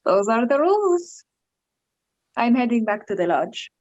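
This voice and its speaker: A woman voicing a weary female hunter who reports back slowly and hesitantly, read during a recorded voice-acting session. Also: a little high, big pitch swings, darkish tone, dry recording, highs cut off. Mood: reluctant.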